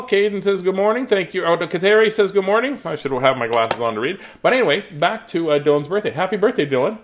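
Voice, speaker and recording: A middle-aged man chatting playfully with young viewers at home and reading a storybook aloud. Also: on the high side. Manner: chatty, playful, rambling, greets viewers by name. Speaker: children's storybook reader. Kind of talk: casual live-stream chat and read-aloud.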